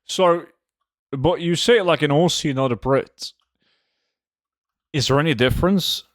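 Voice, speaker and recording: A man chats live with his viewers while he plays, trading jokes and swearing freely, sometimes humming idly to himself. His voice sits a touch high, and the sound is close and dry, with no room around it. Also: unhurried, no room sound. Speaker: gold-farming game streamer. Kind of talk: casual live-stream chat with viewers. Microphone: desk microphone.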